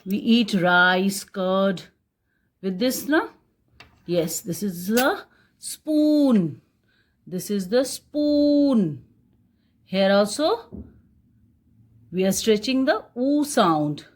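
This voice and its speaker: A young woman teacher with an Indian English accent, teaching a phonics lesson to small children and spelling out words slowly in a sing-song way. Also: medium pitch, lively intonation. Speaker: kindergarten teacher.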